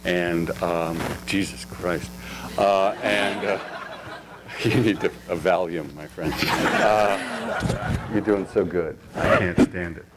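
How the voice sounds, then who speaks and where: A man's voice: low voice, fairly even intonation, takes it slowly, very noisy. A man coaching actors in a live acting workshop, playful, coaxing and freely profane as he talks to performers and the audience. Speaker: acting teacher.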